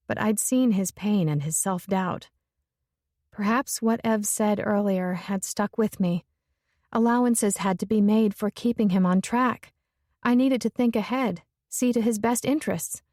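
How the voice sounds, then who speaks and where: A woman narrating a first-person romance audiobook in a measured, introspective way. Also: mid-range voice, a little mellow, no room sound, studio quality.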